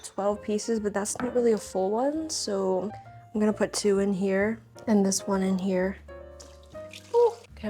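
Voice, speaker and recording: A woman's voice: medium pitch, darkish tone. A young woman chatting casually to camera while baking in her home kitchen, talking to herself and a bit flustered. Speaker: home baker vlogger. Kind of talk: casual baking vlog chat.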